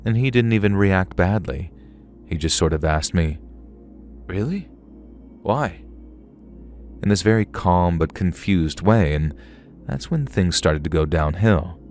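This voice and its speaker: A man's voice: deep voice, a little slow, darkish tone, faint music behind. A man narrating a true horror story in the first person, in a dry, wry, conversational way.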